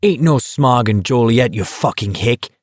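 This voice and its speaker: A man's voice: medium pitch, lively intonation, measured pace, no echo, clean studio sound. A man voicing an insolent, brawny young tough guy who sneers and curses. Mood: furious. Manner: sneering and foul-mouthed.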